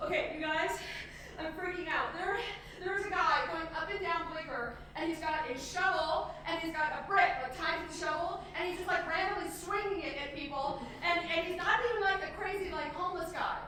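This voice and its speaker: A high-voiced woman performs a solo theater piece and tells stories in an animated, rapid way. The mic is far off in a very echoey theater. Clear noise sits under her voice. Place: theater stage.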